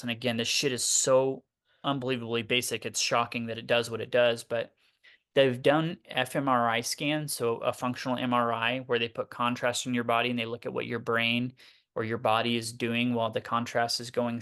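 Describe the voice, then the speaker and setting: A man's voice: medium pitch, little pitch movement, normal speed, a bit bright. A man working as a therapist, explaining ideas in a casual, conversational way, sometimes swearing and acting out examples of inner self-talk. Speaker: therapist guest.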